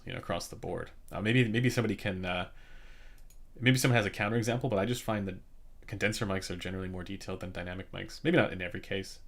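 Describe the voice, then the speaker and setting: A man with a low, gravelly voice chats casually as host of a live question-and-answer stream. He rambles in a relaxed way, full of fillers and restarts. He talks into a studio condenser mic set a touch quiet, in a room at home. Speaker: headphone reviewer hosting a live Q&A. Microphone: studio condenser microphone, a bit quiet.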